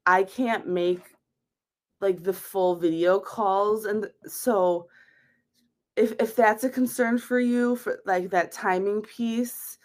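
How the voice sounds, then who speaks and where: An upbeat woman with a Wisconsin accent talks on a video call, earnest and eager, repeating words as she goes. Her pitch sits in the middle of the range. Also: steady tone, slow pace, a little mellow. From United States. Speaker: teacher and course member. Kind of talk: casual video call chat.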